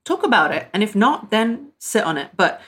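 A woman's voice: mid-range voice, very animated, moderate pace, a bit bright, breathy edge. A young woman coaching on relationships, talking bluntly and emphatically and addressing her listeners as "my loves" and "girl". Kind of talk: direct-to-camera advice talk.

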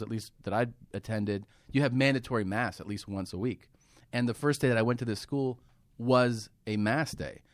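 A man's voice: medium pitch, clean tone, no room sound. A man, a comedian, telling stories in a casual podcast studio chat, swearing freely and laughing as he goes. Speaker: comedian guest. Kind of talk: casual storytelling conversation.

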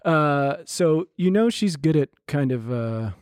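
A man co-hosting a podcast, chatting casually with halting restarts and fillers. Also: on the high side, expressive, a little mellow, dry recording, clean studio sound. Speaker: podcast co-host. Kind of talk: casual chat.

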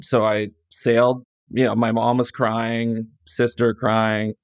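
A man's voice: medium pitch, unhurried, no room sound, clean studio sound. A middle-aged man from California, casually telling stories in an interview with lots of restarts and quoted dialogue. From California, USA. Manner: relaxed, rambling, frequent restarts and quoted dialogue. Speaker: guest author.

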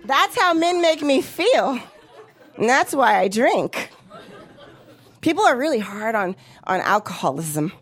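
A woman's voice: fairly high pitch, sing-song, a little slow, some chatter behind. A woman in her thirties doing a profane, brash stand-up comedy set on a club stage, acting out the voices of other people. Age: 30s.

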